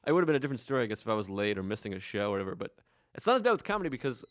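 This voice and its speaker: A man telling a comic story in casual chat, acting out the loud people in it. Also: on the low side, very fast, no echo, clean studio sound. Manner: animated, acts out shouting people in his stories. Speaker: comedian.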